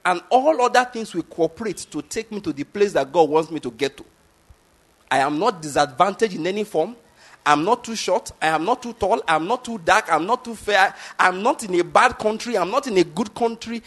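Nigerian male pastor, 50s, high-pitched, emphatic sermon delivery with repeated questions to the congregation. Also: a bit bright.

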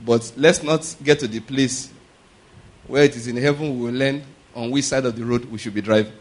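A male preacher talks through his sermon in a loose, conversational way. He keeps checking whether the congregation is following, drifting into stories and chuckling along the way. His voice sits at an ordinary middle pitch. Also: fairly even intonation, normal speed. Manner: checks in with "are you getting my point?" and "all right?"; chuckles and rambles into anecdotes.

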